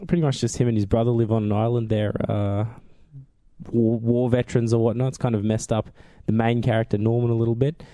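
A man's voice: medium pitch, level tone, fairly quick, warm tone, dry recording. A man, a guest on a podcast, talking in a laid-back, hesitant way with many ums. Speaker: guest, comic creator. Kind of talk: casual interview chat.

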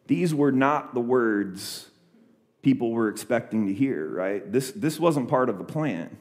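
A man's voice: mid-range voice, expressive, unhurried, a little mellow. Conversational young male preacher. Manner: conversational storytelling with many fillers and restarts. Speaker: pastor. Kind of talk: sermon.

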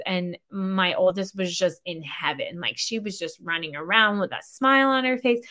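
A woman in her thirties chats her way through a story as a podcast host. She rambles freely, fills her sentences with "like" and breaks into laughter often. Her pitch sits in the middle range for a woman. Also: fairly bright tone. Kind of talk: casual storytelling.

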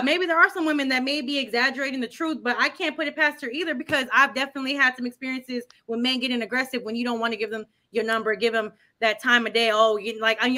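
A high, bright-voiced woman hosting a casual podcast panel. She makes her points bluntly and with emphasis, and she swears freely as she talks. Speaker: podcast host.

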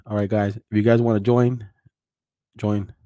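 A man's voice: on the low side, little pitch movement, a little slow, warm tone. A man, hosting a casual chat, swearing a lot and mixing in Spanish slang. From California. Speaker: podcast host.

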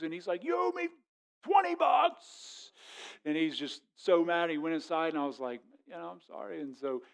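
Storytelling male pastor with a higher voice. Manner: conversational, storytelling, repeats words and restarts often, swings from quiet to loud. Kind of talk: sermon.

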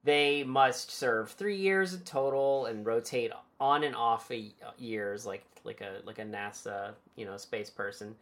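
A woman's voice: a bass voice, measured pace, hardly any pauses. A woman hosting a podcast and recapping a book chapter in casual, irreverent chat, swearing and laughing easily.

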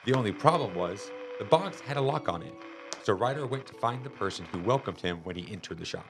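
A man reading a children's chapter book aloud in a lively, expressive storytelling manner. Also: lowish voice, fairly quick, creaky. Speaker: storybook reader. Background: music.

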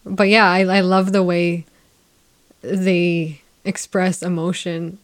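A woman's voice: fairly low pitch, flat delivery, slow pace, smooth. A woman co-hosting a podcast, telling a personal story in a casual, candid way with some casual swearing.

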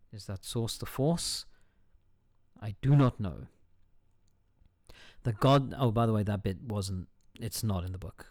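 A man's voice: fairly low pitch, a little mellow, no room sound. Man reading aloud on a dry podcast. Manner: stumbles over hard words and swears at himself; breaks off with joking asides. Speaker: podcast host. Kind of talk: casual solo podcast, reading a book aloud.

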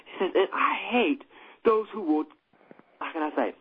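A man preaching with a fervent, impassioned delivery, his voice often jumping up high for emphasis. His tone is somewhat husky and fairly high for a man. The sound is thin and tinny, as if carried over a phone line. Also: expressive, moderate pace, long pauses. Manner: impassioned, rising to high emphatic peaks, with restarts and repeated words. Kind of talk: sermon.

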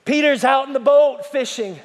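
A male pastor preaching a sermon, folksy, swinging from shouting to hushed tones and calling out to the congregation. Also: very high-pitched, normal speed. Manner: folksy, repeats calls to the congregation. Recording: long hall reverb.

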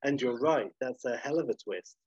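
A man with a husky voice chimes in with excited, amused reactions during a casual podcast chat. His pitch sits in the middle. The recording is dull and lo-fi. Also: normal speed, no room sound. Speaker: podcast co-host listening.

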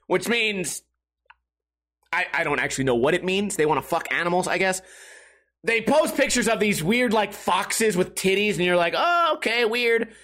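A man's voice: sits high, fairly bright tone. A young man hosting a solo podcast, rambling casually with lots of swearing and laughing at his own jokes. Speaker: podcast host.

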